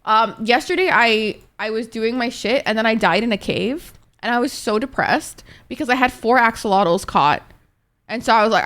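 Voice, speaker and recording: A woman hosting a live stream in a loose, rambling way, answering viewers' messages one after another. Her voice sits a bit high for a woman, and she talks laid-back, packing in filler "likes" and the odd curse word. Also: animated, normal speed, fairly bright tone. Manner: rambling and laid-back, heavy on "like", swears freely; reads out and answers chat messages. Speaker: Twitch streamer. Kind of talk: casual chat with stream viewers.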